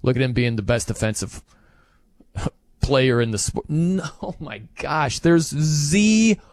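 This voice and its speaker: A man hosting a sports talk show, ranting in an animated, incredulous way with frequent laughs. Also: medium pitch, slow pace, no echo, studio quality.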